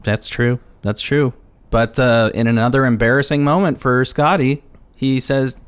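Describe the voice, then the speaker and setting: A man's voice: medium pitch, fairly even intonation, normal speed, clear, resonant tone. A man co-hosting a podcast, recapping a movie in casual chat and acting out quotes with lots of laughter. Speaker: podcast co-host.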